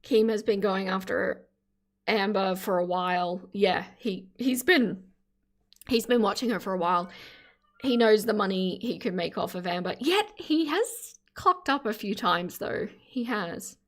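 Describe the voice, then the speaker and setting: A woman's voice: mid-range voice, unhurried. A woman with an Australian accent hosting a reaction stream in casual, chatty talk, laughing often. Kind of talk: casual chat.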